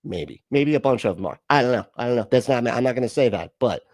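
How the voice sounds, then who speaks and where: A man's voice: medium pitch, lively intonation, fast talker, a little mellow, no echo. A man hosting a reaction video, mocking a clip with sarcasm, laughter and exaggerated mimicry.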